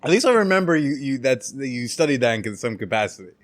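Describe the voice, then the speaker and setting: Male host, teasing and joking, middle-pitched voice. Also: very animated. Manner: teasing, quick with jokes. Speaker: podcast host. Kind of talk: casual podcast chat.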